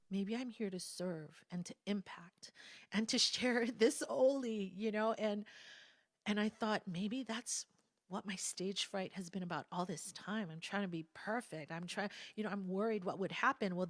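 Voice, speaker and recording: A middle-aged woman giving a heartfelt personal testimony at a spiritual service, now and then dropping to a soft whisper when she quotes others. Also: medium pitch, no room sound, clean studio sound. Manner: earnest storytelling, drops to soft whispers for quotes. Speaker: guest speaker at a spiritual service. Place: church sanctuary.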